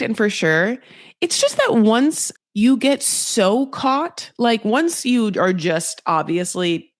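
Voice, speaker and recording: A woman's voice: a little high, no echo, clean studio sound. A woman hosting a podcast, recapping reality TV in a chatty, gossipy way, full of asides and quoted voices. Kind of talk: casual chat.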